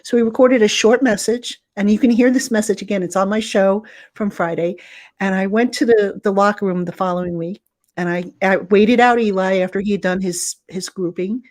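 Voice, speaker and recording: A woman sports reporter tells an anecdote in an easy, conversational way, slipping into the voices of the people she quotes. Her voice sits at a middle pitch and moves freely as she tells it. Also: a little fast. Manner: lively anecdote telling, acting out quotes. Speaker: guest, football beat reporter. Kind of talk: storytelling in a casual podcast chat.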